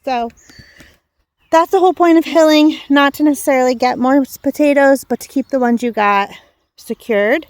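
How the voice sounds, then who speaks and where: This young woman speaks in a high voice and sounds slightly out of breath as she strolls through her garden. She chats casually to the camera, trailing off and correcting herself as she goes. Her voice is close and dry, with little room sound, as though from a phone held near her. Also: moderate pace, dry recording. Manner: chatty and rambling, with many fillers and self-corrections. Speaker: home gardener and channel host. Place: outdoor backyard garden.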